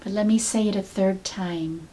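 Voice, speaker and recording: A woman teaching a sound healing technique in a calm, measured, soft-spoken way, guiding the listener step by step. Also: medium pitch, a little hiss or hum. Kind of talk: slow guided teaching.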